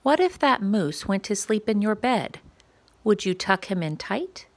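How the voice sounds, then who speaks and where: A woman reading a rhyming picture book aloud to preschoolers, asking playful questions in a gentle, sing-song way. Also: mid-range voice, big pitch swings, unhurried. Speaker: children's story reader.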